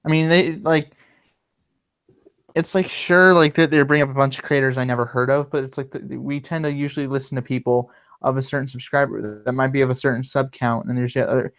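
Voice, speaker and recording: A man chatting casually on a livestream as the host, his voice smooth and resonant. He rambles along, full of ums and restarts, at an ordinary middle pitch. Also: steady tone, brisk, fairly bright tone. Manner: rambling, many fillers and restarts.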